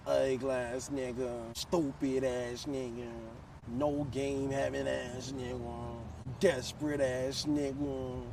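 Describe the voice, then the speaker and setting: A man voicing a scornful young woman who flatly throws insults, recorded a little far from the mic with faint noise behind. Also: medium pitch, takes it slowly, gravelly, few pauses. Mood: insulting.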